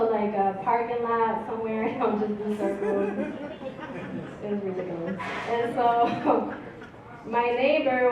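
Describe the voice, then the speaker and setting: A woman telling a personal story on stage at a live event, chatty and often laughing. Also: a little high. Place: outdoor ballpark stage. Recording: echoey, distant, dull live recording.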